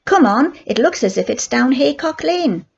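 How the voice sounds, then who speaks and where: An older woman reading aloud, voicing an excited schoolboy with eager exclamations. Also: sits high, moderate pace, gravelly, breathy edge, dull audio, voice pushed up, heavily acted.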